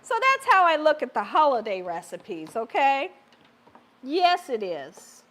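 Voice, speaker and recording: Woman cooking host, live stream, high, bouncy voice, playful and chatty with her viewers. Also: huge pitch swings, a little slow, fairly bright tone. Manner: chatty, talks directly to viewers and live chat; playful, laughs and cheers herself on.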